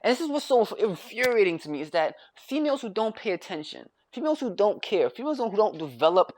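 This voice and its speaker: A man's voice: high-pitched, big pitch swings, fast talker, a little mellow. A young American man ranting to camera in a rambling, repetitive way, swearing and restarting his sentences. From United States. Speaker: vlogger. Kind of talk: grumpy rant to camera.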